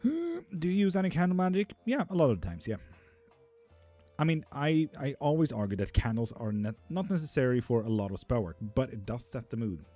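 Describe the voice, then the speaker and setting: A man's voice: mid-range voice, expressive, fairly quick, mellow, faint music behind. A man chatting on a live stream as a tarot reader, reading out viewer comments, casual and sweary with frequent laughs. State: hot and sticky.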